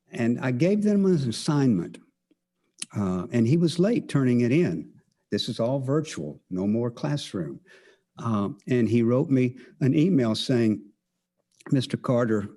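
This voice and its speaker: A man with a Texas accent, a photography teacher giving a conference talk, speaking haltingly with many fillers and restarts. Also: fairly low pitch, mellow. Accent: Texan.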